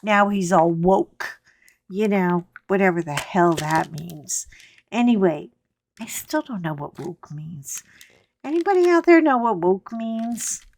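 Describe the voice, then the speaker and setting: A woman's voice: medium pitch, lively intonation, takes it slowly, a little mellow. A middle-aged woman hosting a coloring channel, telling a rambling story in a wry, casual way, with mild cursing and frequent "anyway" asides.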